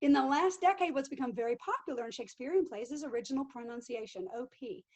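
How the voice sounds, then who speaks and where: A middle-aged woman, a living history actress, answering interview questions in an animated way and acting out quotes. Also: high voice, fast talker. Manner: animated, acts out quotes and accents.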